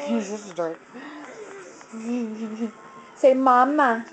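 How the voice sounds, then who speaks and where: A woman's voice: on the high side, very noisy. A woman filming her toddler at home on a handheld camera, coaxing the child in sing-song baby talk and repeating short phrases.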